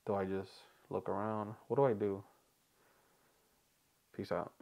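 A man's voice: fairly low pitch, flat delivery, measured pace, long pauses, phone-quality sound. A man hosting a reaction video, chatting casually, rambling and joking with frequent laughs.

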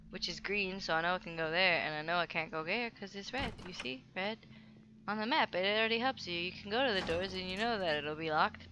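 A young woman giving casual gameplay commentary, chatty and excitable, with loud outbursts and some swearing. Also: medium pitch, creaky. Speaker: let's play gamer.

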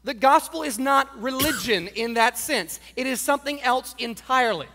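A man's voice: very high-pitched, normal speed, pushed and bright, long reverb tail, faint music behind. A man preaching a sermon in a conversational, emphatic storytelling manner. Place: church.

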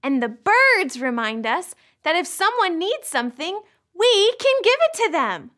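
A woman hosting a preschool Bible lesson, animated and sing-song, speaking to the kids as her friends. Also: very high voice, unhurried. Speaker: children's church host.

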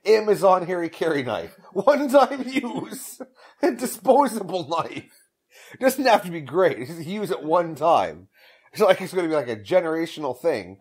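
A man's voice: high voice, very animated, a little slow, vocal fry, slightly rough. Laughing man joking crudely between takes. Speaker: audiobook narrator. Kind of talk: casual blooper banter.

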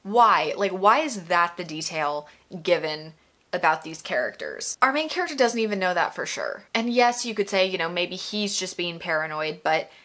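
A woman talks through a video essay in casual, emphatic commentary. Her voice sits a little low but sounds bright and forceful. She keeps asking pointed, exasperated rhetorical questions, with plenty of "like" in between. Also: sing-song, normal speed. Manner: casual, filler-heavy with frequent "like".

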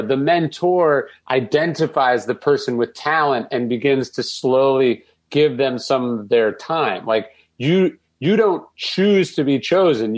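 A man appearing as a podcast guest, speaking in a quick, opinionated way and often correcting himself mid-sentence. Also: medium pitch. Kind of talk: casual conversation.

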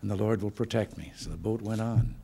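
Older man, low-ish voice, relaxed folksy speaker with dry humor, addressing a staff gathering. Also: brisk, creaky, a little hiss or hum. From United States. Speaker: president giving remarks. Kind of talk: informal speech with joke stories. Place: hotel function room.

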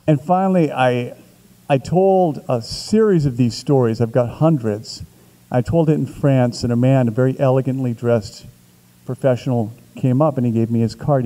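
A man, an author at a Q&A, telling a long, vivid anecdote in a casual way with small restarts, slowing and building as the story grows. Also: mid-range voice, warm tone, poor audio. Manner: vivid, building storyteller who shifts pace for effect. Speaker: author answering a question.

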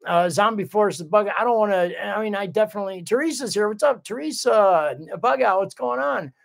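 Streamer type: a man with a slightly high voice, loose and profane, chats with his viewers and keeps restarting his thoughts. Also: fairly quick, creaky. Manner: rambling, profane, full of restarts; reads viewer comments aloud. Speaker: livestream host reading viewer chat. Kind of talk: casual livestream chat.

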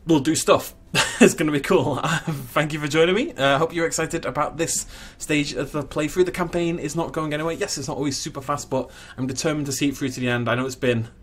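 A man's voice: fairly high pitch, steady tone, fairly quick, few pauses. A young man giving casual commentary as he plays a zoo game, chatting and cooing at the animals. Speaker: gaming channel host.

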